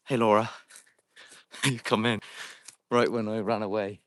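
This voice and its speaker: A man's voice: on the low side, flat delivery, slow, fairly bright tone, dry recording, studio quality. A man hosting a paranormal livestream outdoors in a cemetery, chatting casually with viewers and calling out to spirits on a handheld phone. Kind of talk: casual live-stream chat.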